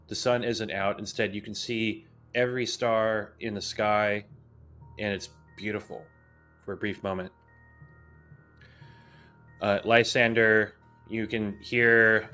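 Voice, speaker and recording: Calm low-voiced game master narrating. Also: male voice, slow, clean tone, soft background music. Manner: calm, descriptive narration with frequent "uh".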